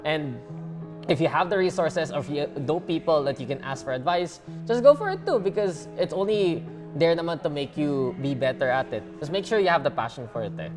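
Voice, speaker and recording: Low-voiced Filipino woman, earnest. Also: animated, a little fast. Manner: earnest, drifts into Taglish with fillers like "eh". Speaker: esports caster, guest. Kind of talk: casual interview chat. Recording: music playing underneath. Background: background music.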